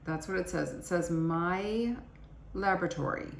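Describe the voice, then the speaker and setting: A middle-aged woman vlogging about beauty finds, rambling and joking at her own expense while tired and cranky from travel. Her voice sits a little low, and the room gives it a noticeable echo with a faint hum of background noise. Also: a little slow, creaky. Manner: chatty, rambling, self-deprecating. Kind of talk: casual chat to camera.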